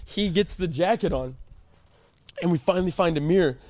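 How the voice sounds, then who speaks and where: A young podcast co-host with a high-pitched voice tells a story at normal speed in casual chat, laughing often and acting out what people said. The studio sound is clean, with no room sound.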